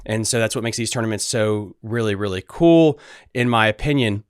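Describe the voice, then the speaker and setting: A man with a fairly low voice hosts a laid-back livestream from his own room, talking into a desk mic. He rambles with plenty of restarts and asides. The sound is dry and close, with no room echo. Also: moderate pace, clean tone. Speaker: podcast host. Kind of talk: casual livestream talk to chat. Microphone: desk microphone.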